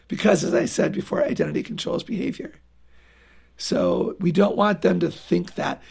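Gravelly, husky woman speaking earnestly. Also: fairly low pitch, sing-song, normal speed, darkish tone. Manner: earnest and emphatic, acts out parent-child exchanges. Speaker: guest author on parenting. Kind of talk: radio interview talk.

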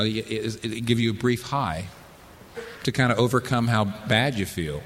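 A male pastor delivers a sermon with a lively, wide-ranging delivery, rising sharply for emphasis and then dropping low and quiet. His voice carries a long reverb from the church hall, over a faint background hiss. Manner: animated, swings between loud emphasis and quiet asides.

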